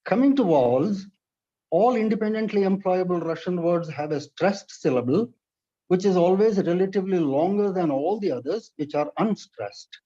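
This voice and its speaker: A man from India lecturing on pronunciation in a measured, precise, explanatory way, heard on a dull lo-fi recording. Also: high voice, expressive, mellow. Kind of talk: read-aloud lecture.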